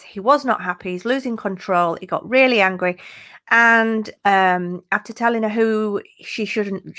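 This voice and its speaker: A woman's voice: medium pitch, a bit bright. Chatty woman live-streaming crime talk. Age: adult parent. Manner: rambling, chatty, many fillers. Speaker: true crime YouTube host. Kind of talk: casual live-stream chat.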